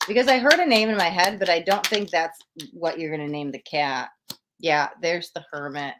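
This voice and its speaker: A woman's voice: lowish voice, moderate pace, background noise. A young woman hosting a live-stream tarot reading, emotional and gushing as she talks straight to her viewers.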